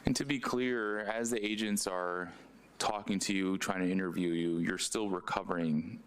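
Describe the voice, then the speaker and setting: A man questioning a witness at a public hearing in measured, careful questions. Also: low-pitched, fairly even intonation, clear, resonant tone. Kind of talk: formal questioning.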